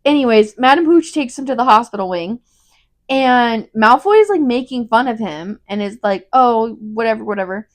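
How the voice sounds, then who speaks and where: A woman's voice: a little high, big pitch swings. A young woman co-hosting a casual book review chat, retelling the plot in a rambling way and saying "like" constantly. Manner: rambling, fills every gap with "like", quick retelling. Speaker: podcast co-host.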